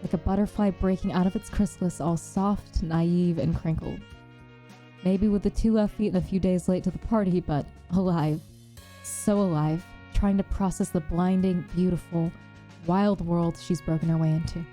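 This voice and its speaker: A woman's voice: lowish voice, steady tone, normal speed, mellow, faint music behind. Earnest, emotional woman reading a story aloud. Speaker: streamer reading a visual novel. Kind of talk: reading a visual novel aloud with reactions.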